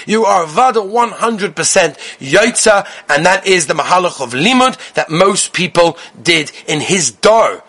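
A man teaching a lively spoken Torah lesson, rattling off sources quickly and speaking with emphasis. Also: sits high. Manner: rapid-fire listing of sources, animated and emphatic. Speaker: rabbi giving a Torah class. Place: Israel.

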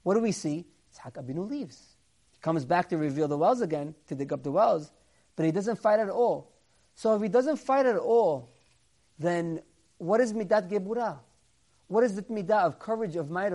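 Animated man teaching a Torah class. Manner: acts out quoted characters, rising louder and higher for them; drops to a quiet, low aside when explaining.

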